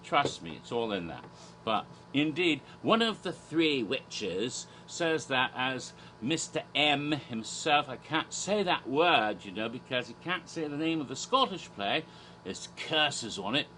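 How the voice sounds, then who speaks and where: A man's voice: medium pitch, sing-song, a little slow, pushed and bright, slight background noise. A man from Asia, an American English speaker talking in a fake British accent, rambling theatrically with silly asides. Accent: put-on British accent. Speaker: horror theme park vlogger. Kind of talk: rambling casual commentary in a persona.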